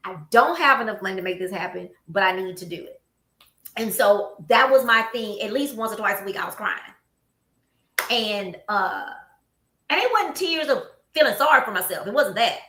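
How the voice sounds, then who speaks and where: A Southern US woman with a mid-range voice speaks at a moderate pace as host of a casual chat. In an echoey office room, she tells stories with real animation, voicing what people said.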